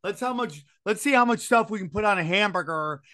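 Man with a high bright voice, sardonic podcast co-host, profane and mocking. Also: expressive, brisk. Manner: sarcastic, cynical, swears, says dude. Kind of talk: casual crude banter.

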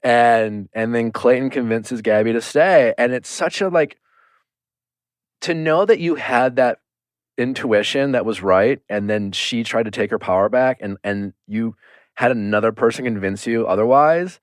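Animated man on a dry close mic. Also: mid-range voice, unhurried, dry recording. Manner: animated, swears, acts out quotes. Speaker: podcast host. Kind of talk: casual chat.

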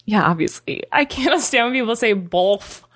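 A young woman co-hosting a podcast in a playful, casual chat, laughing often and swooping high when excited. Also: brisk, dry recording, studio quality. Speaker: podcast co-host.

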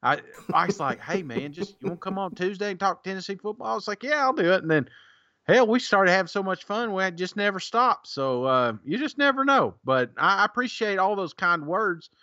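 A man co-hosts a casual podcast, reading listener reviews and laughing along. His voice is bright and high with a wide, animated swing. The recording is dry and a little dull. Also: brisk, no echo. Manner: jokey, laughs often, reads reviews aloud. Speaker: podcast co-host.

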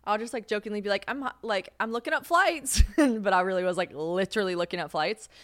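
A woman's voice: medium pitch, fast, no room sound, clean studio sound. A young woman hosting a podcast, telling stories in casual solo chat, self-mocking and swearing freely with lots of "like". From United States. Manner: chatty and self-mocking, heavy use of "like", swears freely, laughs often. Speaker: podcast host.

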